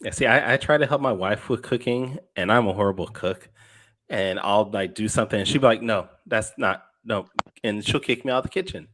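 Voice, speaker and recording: A man's voice: on the low side, quick pace, a bit bright. A man guesting on a podcast over a video call, bantering casually and laughing easily. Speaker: guest, comic publisher. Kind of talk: casual chat.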